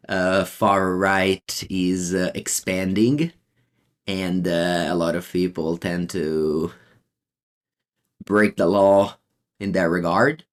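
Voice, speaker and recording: An Italian male streamer from Italy, with a low voice and an Italian accent, plays a card game and answers chat. His casual commentary rambles, full of ums, fillers and restarts.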